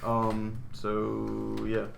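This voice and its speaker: A man playing a tabletop game, chatting casually and counting his dice rolls aloud. His voice is low and gravelly with a lot of fry, and faint hiss runs under it. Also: monotone, very slow.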